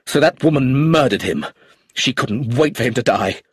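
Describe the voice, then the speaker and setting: A husky-voiced man reading an audiobook, voicing an emotional, hot-tempered middle-aged man who breaks into agitated outbursts. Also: lowish voice, sing-song, normal speed, dry recording, studio quality. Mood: angry. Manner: bursts into agitated, rising outbursts.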